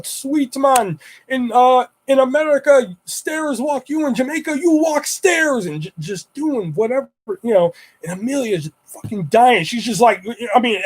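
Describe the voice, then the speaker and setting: A man telling casual stories on his livestream. He rambles and swears constantly in a voice that sits somewhat high for a man. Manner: rambling and heavily profane. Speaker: livestream host. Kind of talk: casual storytelling chat.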